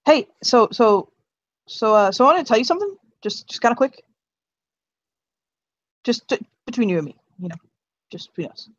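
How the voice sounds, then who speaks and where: A man's voice: very high voice, sing-song, fairly bright tone, pitched above the performer's own voice, exaggerated voice. An earnest middle-aged dad, voiced by a woman, stumbling over his words as he tries to open up to his son. He restarts his sentences again and again, tender and a little awkward. The recording sounds slightly muffled and lo-fi. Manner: halting, stammering, heartfelt.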